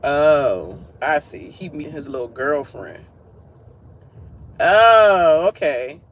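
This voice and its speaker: A man's voice: fairly high pitch, expressive, slow, a bit bright. A man giving a casual, blunt and profane reality-TV recap rant from work, laughing often. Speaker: show recap host.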